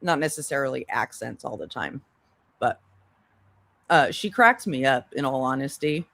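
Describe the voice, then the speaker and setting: A woman's voice: a bass voice, expressive, normal speed, vocal fry, fairly bright tone, no room sound. A woman co-hosting a casual gossip livestream, giggly and mocking, who likes doing voices. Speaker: livestream co-host.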